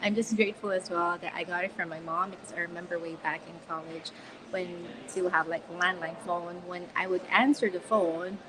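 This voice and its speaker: This Filipina woman in her forties, a confidence coach, talks briskly in a low, steady-toned voice to followers on a phone live-stream set on a tripod. Standing in a public shopping mall with a shopper crowd behind, she stays chatty and upbeat, laughing often and using fillers amid background noise.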